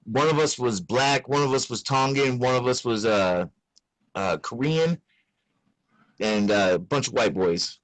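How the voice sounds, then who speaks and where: A young man hosts a podcast in loose, casual chat, swearing freely and laughing between stories. His voice sits at an ordinary middle pitch, recorded dry and close with no room sound. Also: unhurried, no echo, poor audio. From Utah. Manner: laid-back, swears a lot, laughs often. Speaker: podcast host.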